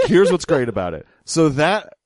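A man's voice: on the high side, wildly swooping pitch, a little slow, darkish tone, no room sound. Dry-voiced, pedantic man explaining. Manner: explanatory, slightly pedantic, sarcastic. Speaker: podcast co-host. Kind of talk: casual podcast chat.

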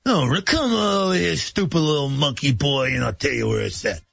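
A man's voice: a little high, fairly quick, creaky, fairly bright tone, breathy edge, no echo, faint music behind, heavily acted. A man playing an arrogant, swaggering male big-city cop who sneers and barks at people. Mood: sneering. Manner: sneering, barking, mocking.

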